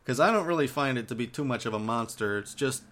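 A man's voice: mid-range voice, expressive, fast talker, fairly bright tone. A man hosting a podcast, casually recapping an episode in a rambling, profane way with lots of fillers. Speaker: podcast host.

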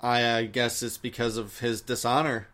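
Man, mid-pitched, casual podcast chat, profane and animated storyteller who acts out quotes. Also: normal speed. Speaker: podcast co-host recapping a story.

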